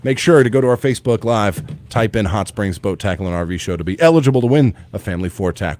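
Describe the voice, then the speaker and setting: A man chats on a morning radio show, his fairly low voice rolling through stories full of restarts and asides. He sounds at ease behind the studio mic. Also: quick pace. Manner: rambling, animated storytelling with many restarts. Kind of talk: casual radio chat.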